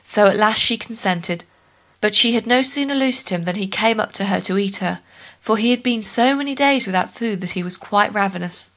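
A woman reading a folk tale aloud as a steady, expressive storyteller. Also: medium pitch, normal speed.

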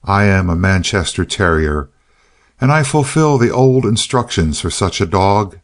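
A man's voice: deep voice, lively intonation, a little slow. A man narrating a storybook in the first person as a dog, with a dry, sly, self-satisfied manner.

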